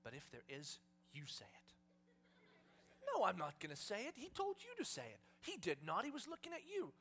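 A man acting out two nervous male disciples squabbling in hushed voices. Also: high-pitched, huge pitch swings, moderate pace, husky, heavily acted.

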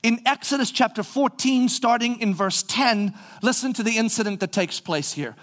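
A man preaching a sermon, animated, acting out the people's voices and rising to shouts. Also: very high-pitched, moderate pace. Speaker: pastor.

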